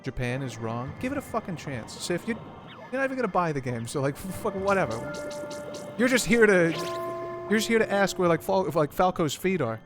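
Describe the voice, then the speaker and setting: A man's voice: high-pitched, very animated, a little fast, over music. A man streaming a game, chatting casually in a rambling, profane, joking way.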